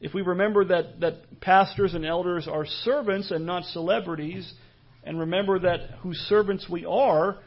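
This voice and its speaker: A pastor preaching a sermon in an earnest, measured way, pausing and restarting as he goes. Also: high voice, steady tone, slightly rough, highs cut off.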